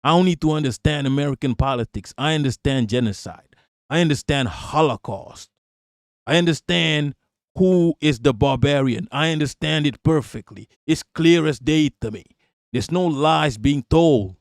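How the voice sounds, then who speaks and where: Man, live-stream host, fiery and profane, repeats himself for emphasis, fairly high voice, dry close mic. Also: normal speed, no room sound. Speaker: streamer reacting to political clips.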